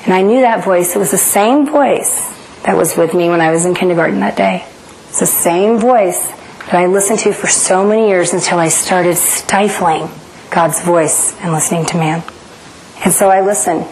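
A woman's voice: fairly low pitch, normal speed, a little mellow, slight background noise, poor audio. Earnest woman telling her story. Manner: earnest, dramatic retelling that acts out inner voices. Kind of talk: personal testimony storytelling.

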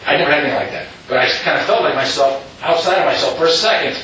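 A man's voice: a little high, rapid-fire, bright, forceful tone, slight background noise. A middle-aged man telling a personal story to an audience, rambling with many asides and restarts. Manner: rambling, with frequent "you know" asides and restarts. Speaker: speaker telling his story. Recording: echoey hall, distant mic.

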